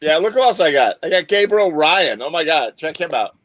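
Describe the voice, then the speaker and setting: A man's voice: fairly high pitch, lively intonation, fairly quick, fairly bright tone, poor audio. Joking man hosting a live chat. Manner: joking, rambling storyteller. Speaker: show host. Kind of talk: casual chat on a live video call. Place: home studio with a green screen.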